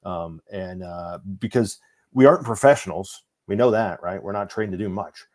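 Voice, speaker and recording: A man's voice: low voice, normal speed. A man who is a guest on a podcast and talks earnestly, mixing serious points with teasing jokes. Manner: earnest, many fillers and restarts, self-mocking jokes. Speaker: guest, organization leader. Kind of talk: casual podcast chat.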